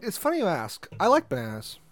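A man's voice: high voice, huge pitch swings, fast, no echo, studio quality. A man co-hosting a podcast in casual chat, joking around and teasing his friend. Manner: joking, playful, breaks into silly voices. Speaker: podcast co-host.

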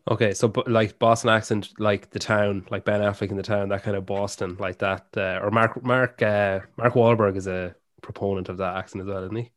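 A man's voice: on the low side, fairly even intonation, fairly quick, few pauses, no room sound. Rambling man hosting a podcast. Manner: rambling, hesitant with many fillers. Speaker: podcast host. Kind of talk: casual interview chat.

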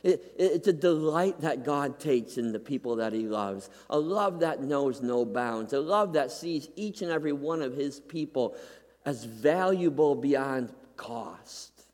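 A man preaching a sermon, swinging from loud, pleading peaks to hushed, near-whispered drops, often checking in with "right?". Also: medium pitch, lively intonation, unhurried. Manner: emphatic, dramatic rises and hushed drops, repeats "right?". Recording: long hall reverb.

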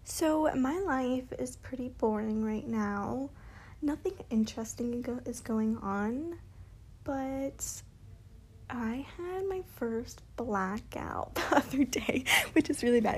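A woman's voice: a little high, unhurried, a little mellow, husky. A young woman vlogger telling a story in casual chat, swearing freely and laughing through it. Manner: profane, laughing, bubbly.

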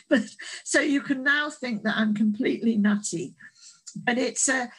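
A woman's voice: on the high side, unhurried, a bit bright, breathy edge, rough recording. A woman guest author telling a reflective story in an online talk, hesitant with restarts and wry humour.

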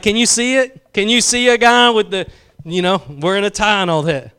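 A man preaching a sermon with passion, building slowly with emphasis and dropping into soft asides. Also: high voice, clear, resonant tone. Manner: impassioned, swings between slow emphatic build-ups and soft asides.

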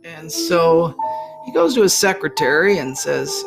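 A man's voice: on the high side, sing-song, measured pace, gravelly. A man preaching, telling a long story in a rambling, conversational way. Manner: rambling, conversational, many restarts. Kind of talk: sermon storytelling. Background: instrumental music.

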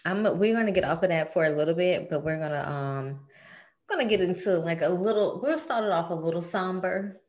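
Low-voiced playful woman co-host. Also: darkish tone. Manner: playful, laughs often, drawn-out words. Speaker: podcast co-host. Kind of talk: casual chat.

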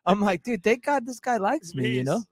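A man hosting a casual podcast, teasing his guest and trading jokes with the others. His voice sits high for a man, and he talks loose and playful. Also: sing-song, brisk, darkish tone, breathy edge. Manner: teasing, joking banter.

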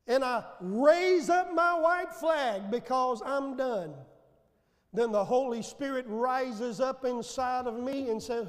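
A man preaching a fervent sermon in a church, building to shouts and calling out to the congregation. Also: very high voice, lively intonation, slow, big-room sound. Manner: fervent preaching with rising shouts and call-and-response. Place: church sanctuary.

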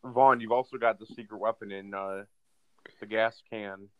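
A man with a slightly low voice in casual podcast banter. He states his opinions with animated emphasis. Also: normal speed, phone-quality sound. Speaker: fantasy league podcast co-host. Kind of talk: casual chat.

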